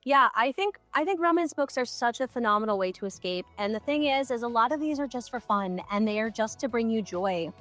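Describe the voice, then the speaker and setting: A woman's voice: fairly high pitch, animated, brisk, hardly any pauses, a bit bright, no room sound. A woman who owns a bookstore, answering radio interview questions in an earnest, enthusiastic, conversational way. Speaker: bookstore owner, radio guest.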